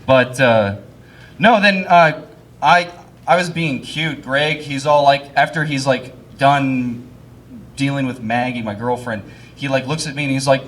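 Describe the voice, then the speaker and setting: A man's voice: mid-range voice, a little slow, fairly bright tone, a little hiss or hum. A young man doing live stand-up, rambling and self-deprecating and laughing at his own jokes. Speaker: stand-up comedian.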